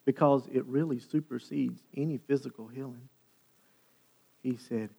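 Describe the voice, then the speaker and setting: A male pastor preaching a sermon, retelling a story with animated, dramatic delivery. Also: mid-range voice, measured pace, vocal fry, pauses often, breathy edge. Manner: animated, dramatic storytelling with sharp swings in loudness.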